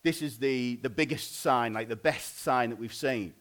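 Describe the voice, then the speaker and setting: A married man preaching a sermon in a loose, conversational way, often pausing and restarting. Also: mid-range voice, fairly bright tone. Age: adult, married. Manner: informal, conversational, frequent "like" and restarts.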